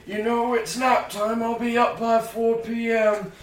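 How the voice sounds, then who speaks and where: A man putting on a dozy old grandpa who rambles slowly and mumbles half-asleep. His voice sits up high and drifts from a distance in a roomy space. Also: level tone. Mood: drowsy. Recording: roomy, distant, light noise.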